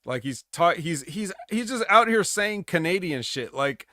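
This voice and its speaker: A man's voice: sits high, lively intonation, a little slow, bright, forceful tone, no echo, studio quality. A man co-hosting a podcast, recapping wrestling in a rambling, jokey way and slipping into mock promo voices. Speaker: podcast co-host. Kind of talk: casual wrestling recap chat.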